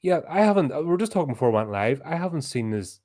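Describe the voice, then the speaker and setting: A middle-aged man, co-hosting a podcast in casual chat, loud and animated, laughing easily. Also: fairly high pitch, fast talker. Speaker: podcast co-host.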